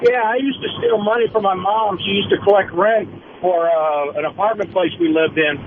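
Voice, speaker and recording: Brief: high-pitched male caller, self-mocking, tinny phone line with loud hiss. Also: fairly even intonation, moderate pace. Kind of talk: phone-in story.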